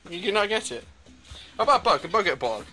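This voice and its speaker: A woman's voice: medium pitch, sing-song, fast, sharp tone, soft background music. A woman filming at home, laughing, teasing her friend and cooing at her dogs in baby talk. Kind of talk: casual home video chat.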